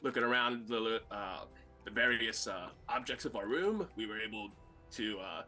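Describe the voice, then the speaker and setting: A man playing in a tabletop game, recapping the last session in a halting way, full of filler sounds. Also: fairly low pitch, lively intonation, bright, forceful tone, faint music behind. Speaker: player.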